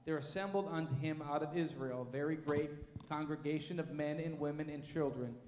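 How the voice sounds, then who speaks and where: A man reading scripture aloud in a measured, formal way during a church service. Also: fairly high pitch, darkish tone, a little hiss or hum. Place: church sanctuary. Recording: echoey church hall.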